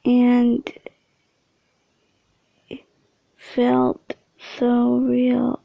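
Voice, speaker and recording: A woman reading a fan story aloud in a halting way, often whispering and correcting herself. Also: fairly high pitch, level tone, gravelly, no echo, dull audio. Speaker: amateur story reader.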